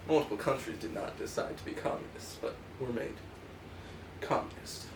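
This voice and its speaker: A man's voice: medium pitch, normal speed, echoey room, background noise. A man giving a casual comedic explainer with pirate slang, rambling and correcting himself offhandedly. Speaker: comic history explainer.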